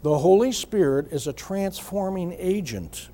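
Husky, mellow-voiced man preaching a sermon. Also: high voice, sing-song. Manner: measured preaching with repeated phrases and frequent throat clearing. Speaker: pastor.

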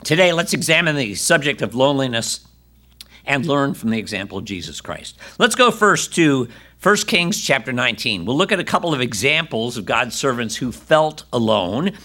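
A man's voice: mid-range voice, big pitch swings, normal speed, sharp tone. A man preaching a sermon, reading Bible passages and adding conversational asides to his listeners.

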